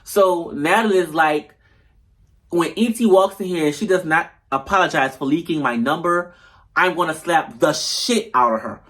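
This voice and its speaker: Guy doing a reality show recap, kinda high voice, slangy and loud about it. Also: normal speed. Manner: animated, slangy and profane, addresses viewers as y'all. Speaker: show reviewer.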